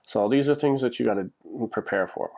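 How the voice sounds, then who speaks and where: A man's voice: mid-range voice, fairly quick, darkish tone. A man vlogging, telling stories in a rambling, casual way, full of "like" and restarts. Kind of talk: casual storytelling monologue. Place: lives in Japan.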